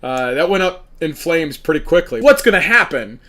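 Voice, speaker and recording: Emphatic man pitching his campaign. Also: very animated, normal speed, sharp tone. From Oklahoma. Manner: emphatic, repetitive, hammering points. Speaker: political candidate and show host. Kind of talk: campaign monologue.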